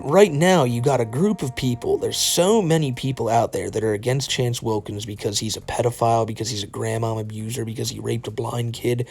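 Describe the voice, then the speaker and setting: Man, mid pitch, casual commentary, mocking, swears, laughs, faint music behind. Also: a little mellow. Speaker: commentary YouTuber.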